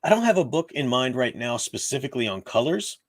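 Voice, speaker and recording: A hoarse man with a worn-out voice hosting a casual livestream, rambling with lots of restarts and fillers. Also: mid-range voice, very animated, fairly quick. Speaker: livestream host. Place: at home, room with bookshelves.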